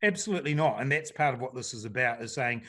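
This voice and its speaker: A middle-aged man, answering panel questions as a government minister in a relaxed, chatty way with frequent fillers. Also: mid-range voice, fast talker.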